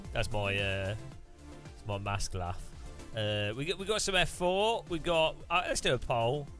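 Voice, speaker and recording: A man's voice: mid-range voice, bright, forceful tone. A man chatting casually on a live stream from his home sim rig, rambling and joking, a bit tired and under the weather. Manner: rambling and joking, talks to chat. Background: music.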